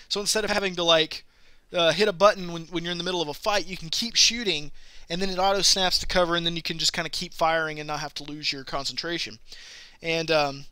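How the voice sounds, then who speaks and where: Bright-voiced young man telling a gaming story. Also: sits high, dry recording. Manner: rambling storyteller, animated quoted voices, laughs often. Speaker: podcast host. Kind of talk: casual gaming chat.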